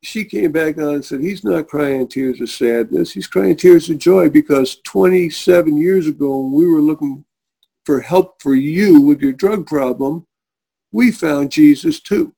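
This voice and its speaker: A man's voice: on the high side, unhurried, vocal fry, husky. A middle-aged man, a guest on an interview show, earnestly telling a personal faith story and acting out the people he quotes. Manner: earnest, animated storyteller who acts out quoted voices.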